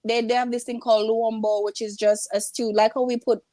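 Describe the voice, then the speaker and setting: Jamaican woman, animated storyteller, fairly high voice, dry close sound. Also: brisk, no room sound. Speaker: guest entrepreneur. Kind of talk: casual storytelling interview.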